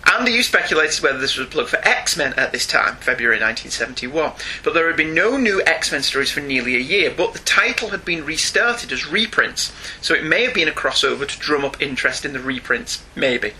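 A man's voice: fairly high pitch, very animated, pushed and bright, slight background noise. A middle-aged British man co-hosting a podcast, reading out listener emails in a chatty manner with frequent laughs. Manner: chatty, slows down and laughs often. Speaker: podcast co-host.

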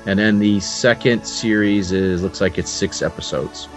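A man's voice: deep voice, lo-fi sound, soft background music. A man chatting casually on a podcast, reading a show summary aloud and joking with friends. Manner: jokey, reads aloud quickly, laughs often.

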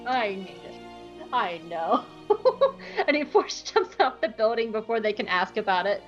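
A woman hosting a podcast, recapping an episode in an animated, profane, jokey way on a close mic. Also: fairly high pitch, measured pace, muffled recording, soft background music. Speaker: podcast host.

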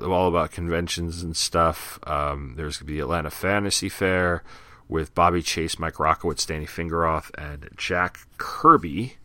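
A man's voice: rumbling low, sharp tone, no echo. A man hosting a podcast, talking casually and rambling with frequent fillers as he flips through old pages. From Long Island, New York. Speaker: podcast host. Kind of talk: casual solo podcast commentary.

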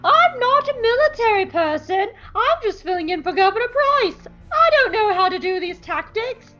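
A woman puts on a fretful young female imperial minister whose voice jumps high and wide as she frets over orders she cannot carry out. Her voice sounds a little muffled, with faint music behind it. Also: big pitch swings, normal speed, sharp tone, heavily acted. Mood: panicked.

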